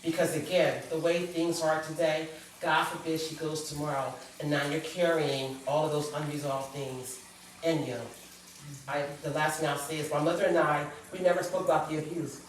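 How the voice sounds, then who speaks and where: A woman's voice: low-pitched, fairly even intonation, moderate pace, a little hiss or hum. A middle-aged woman, a guest author, sharing a personal story on a talk show in an earnest, reflective way. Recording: echoey room, far from the mic.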